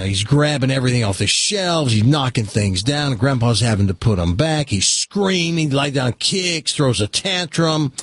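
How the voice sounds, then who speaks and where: Lively husky-voiced man telling a joke. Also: mid-range voice, dry recording. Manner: lively storyteller, animated delivery. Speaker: radio host. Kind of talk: casual talk radio chat and joke telling.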